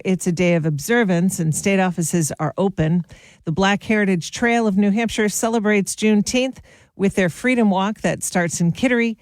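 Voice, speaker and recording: A woman's voice: medium pitch, no echo. Chatty woman radio host, dry studio sound. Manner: chatty, laughs at her own jokes. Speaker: radio morning show host. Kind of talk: upbeat radio show chat. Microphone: studio mic.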